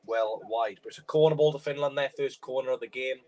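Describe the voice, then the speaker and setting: A man's voice: medium pitch, fast. Young welsh-born guy doing live football commentary, bit of a tickly cough, chatty, mid-range voice. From Wales. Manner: chatty, reacts loudly to chances, chants along to songs. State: tickly cough, sore throat. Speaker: football watchalong streamer. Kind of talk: live match commentary and chat.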